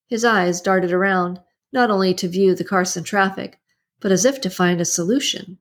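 A woman reading a novel aloud in the first person, steady and measured, and hosting her own reading channel. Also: medium pitch. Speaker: book reader and channel host. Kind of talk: audiobook narration.

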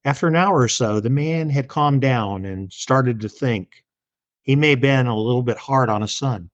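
A man's voice: mid-range voice, normal speed, no room sound, lo-fi sound. A man reading a story aloud and then teaching a Bible lesson in an earnest, plain-spoken way.

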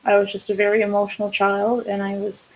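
A woman's voice: mid-range voice, completely flat delivery, fairly quick, slight background noise, poor audio. A woman co-hosting a casual podcast chat, speaking candidly and swearing freely as she tells stories and acts out quotes. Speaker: podcast co-host.

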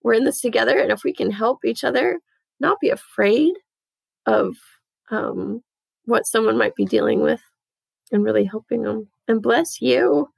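A woman's voice: a little high, moderate pace, vocal fry, slightly rough, no echo, low-quality recording. A middle-aged woman telling an earnest, emotional personal story in a casual conversation. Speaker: guest.

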